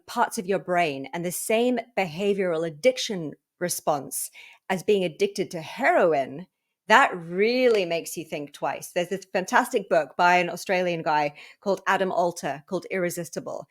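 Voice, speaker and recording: A woman hosting a wellness podcast in a casual conversational way, acting out her own inner thoughts with lively emphasis. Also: on the low side. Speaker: podcast host.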